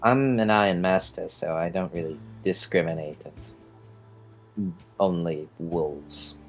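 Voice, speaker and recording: A man's voice: sits low, slow, soft background music. A man talking casually as a tabletop game player, hesitant and often restarting his sentences.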